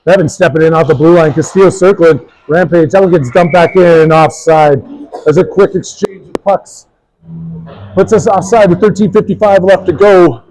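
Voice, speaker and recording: A man doing play-by-play for a youth hockey game, brisk and joking, reading sponsor spots between plays. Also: high-pitched, fairly even intonation, a little mellow, a little hiss or hum, rough recording. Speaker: play-by-play commentator.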